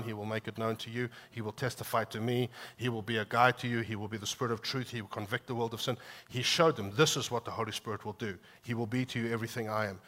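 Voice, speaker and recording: A man preaching a sermon, lively and animated, acting out quotes from scripture. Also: medium pitch. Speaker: pastor.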